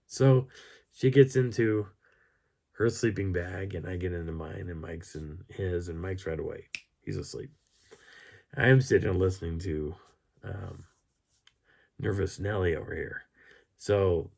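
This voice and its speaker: A hoarse man with a very low, gravelly voice casually recounting a camping story. He tells it in an animated, amused way and chuckles between details. The fry in his voice rasps under every phrase. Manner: animated, chuckling anecdote-telling. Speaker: channel host.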